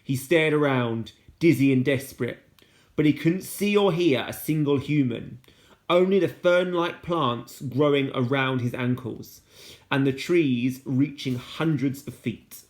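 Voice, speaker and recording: A man reading a children's novel aloud as a teacher, steady and unhurried, with casual asides when he slips. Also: medium pitch. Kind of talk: storybook read-aloud.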